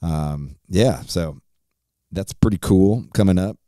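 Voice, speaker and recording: Deep voiced podcast host dude rambling and cussing, dry close mic. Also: male voice, slow pace, mellow, no echo. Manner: rambling, profane and laughing. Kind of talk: casual solo podcast chat.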